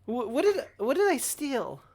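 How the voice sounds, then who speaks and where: A man's voice: extremely high pitch, wildly swooping pitch, moderate pace, a little mellow. A man narrating as game master, joking and swearing with his players, rambling with lots of fillers.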